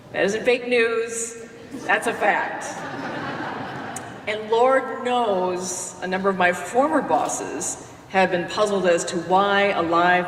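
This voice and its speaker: A woman's voice: medium pitch, fairly bright tone, slight background noise. A woman who hosts a radio morning show gives a folksy, joking tribute speech at a podium in a lecture hall. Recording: echoey hall from far off.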